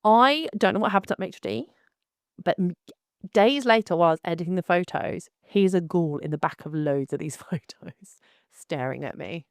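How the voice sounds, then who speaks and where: Woman photographer ranting to camera, super animated, dry close sound. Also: on the low side, normal speed, no echo. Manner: animated, exclaiming, laughs through the story. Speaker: wedding photographer, channel host. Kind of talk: casual storytelling and rant to camera.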